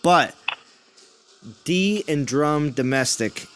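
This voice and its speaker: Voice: mid-range voice, expressive, very slow, slight background noise. A stream host chatting casually with friends, laughing often and tripping over words now and then. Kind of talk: casual chat on a live stream.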